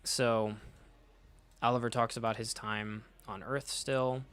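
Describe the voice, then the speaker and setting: A man's voice: mid-range voice, fairly even intonation, moderate pace, a bit bright. Joking man riffing through comics. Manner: loose and joking, swears freely, corrects himself mid-sentence. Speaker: comic book reader and commentator. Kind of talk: casual chat while reading comics.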